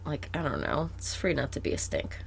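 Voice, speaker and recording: A woman's voice: low voice, sing-song, a little fast, gravelly, slightly rough. A woman co-hosting a podcast, recapping a cartoon episode in casual, sarcastic chat. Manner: sarcastic, laughs often, puts on voices for characters. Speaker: podcast co-host.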